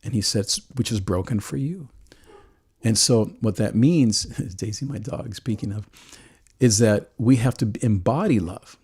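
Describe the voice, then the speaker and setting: A man hosting a call-in show, talking earnestly and emotionally about faith and love, with frequent restarts and soft laughs. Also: lowish voice, measured pace, slightly rough. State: choked with emotion. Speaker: host.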